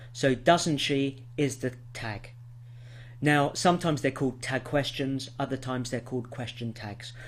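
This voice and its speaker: A man giving an English lesson in a patient, explaining voice. His pitch sits in the middle of the range for a man, and he talks learners through each point clearly. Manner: clear, patient explaining with spoken example sentences. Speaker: English teacher. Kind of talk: scripted lesson to camera.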